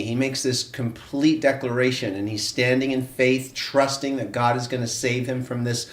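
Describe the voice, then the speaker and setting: A man co-hosting an online wellness class, telling a story in an earnest, animated way. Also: medium pitch, normal speed, hardly any pauses, roomy sound, far from the mic. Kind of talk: live-stream storytelling.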